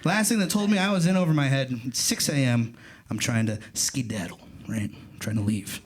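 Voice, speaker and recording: A man in his thirties doing a stand-up comedy set in a club, telling stories in an animated way and jumping into loud voices for punchlines. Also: mid-range voice, moderate pace, slight background noise. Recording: live club recording with crowd laughter. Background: audience laughter.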